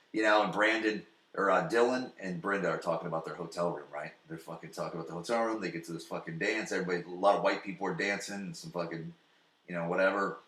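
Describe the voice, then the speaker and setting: A man hosting a podcast, recapping a TV episode in a profane, excitable way that swings between loud and soft. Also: deep voice, reverberant. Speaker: podcast host.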